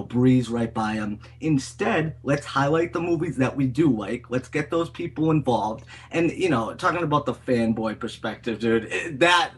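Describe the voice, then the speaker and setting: A man's voice: medium pitch, slightly rough. A man from Boston co-hosting a podcast and speaking bluntly and defiantly. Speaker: podcast co-host. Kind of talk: casual podcast chat.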